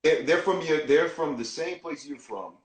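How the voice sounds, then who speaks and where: A man's voice: on the high side, normal speed, reverberant. A man hosting an interview, enthusiastically summing up for his viewers with frequent fillers. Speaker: host, CEO. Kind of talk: interview host.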